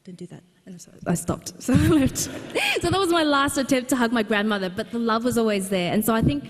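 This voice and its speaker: Woman, higher voice, funny storytelling talk, long hall reverb. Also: expressive, fairly quick. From Australia. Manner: humorous, anecdotal, frequent fillers. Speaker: speaker at a book launch. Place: large exhibition hall, live audience.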